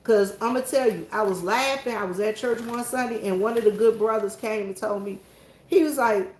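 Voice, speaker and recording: A woman's voice: on the high side, normal speed, a little mellow, roomy sound, slight background noise. A Southern woman chatting to her viewers in a folksy, storytelling way, alone in an empty church. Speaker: church worker and vlogger. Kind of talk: casual chat to viewers.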